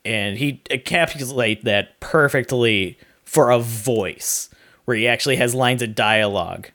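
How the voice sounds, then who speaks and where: A man co-hosting a podcast, giving a steady, explanatory movie review in casual chat. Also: medium pitch, a little slow. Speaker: podcast co-host.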